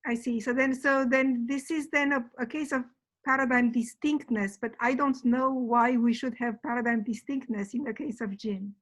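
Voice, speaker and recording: A woman's voice: on the high side, steady tone, normal speed, rough recording. A woman, an invited linguistics speaker, answers questions in an academic Q&A over a video call, thinking aloud with restarts.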